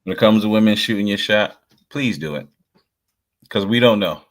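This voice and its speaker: Low-voiced man co-host, earnest advice-giver, easygoing talk. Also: normal speed. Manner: earnest, preachy advice with repeated "you know what I'm saying". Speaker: podcast co-host. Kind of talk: casual podcast chat.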